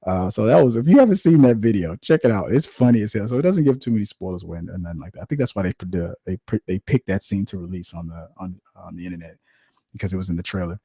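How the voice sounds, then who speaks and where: A man's voice: low-pitched, animated, quick pace, mellow, husky, no echo, studio quality. A man hosting a podcast, chatting casually and in a rambling way about movies. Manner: rambling, with frequent restarts and laughter. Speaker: podcast host. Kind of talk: casual solo movie chat.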